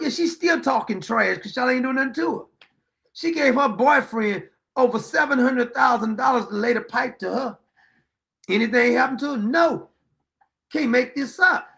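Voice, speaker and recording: A man's voice: very high voice, gravelly, fairly bright tone. A man hosting his own political commentary show, ranting bluntly and. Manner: blunt, profane, fired-up ranting.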